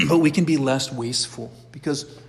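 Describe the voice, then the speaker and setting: Middle-aged male church teacher, relaxed and conversational, frequent restarts, recorded with long hall echo. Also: on the high side, normal speed, gravelly. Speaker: catechism teacher. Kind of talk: informal church class lecture.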